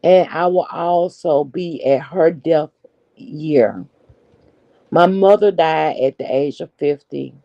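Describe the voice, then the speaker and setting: Woman, 40s, AAVE, slow chatty live-stream host; low pitch, dry close recording. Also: creaky, dark tone, no echo, lo-fi sound. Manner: chatty, unhurried, talks straight to viewers. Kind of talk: casual live-stream chat.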